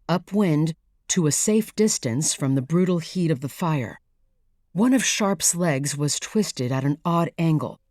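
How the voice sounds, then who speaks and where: In a low, deliberate voice, a woman reads from a thriller audiobook, giving each line plenty of time. Her scripted storytelling stays measured and even, captured close-up and dry with no room sound at all.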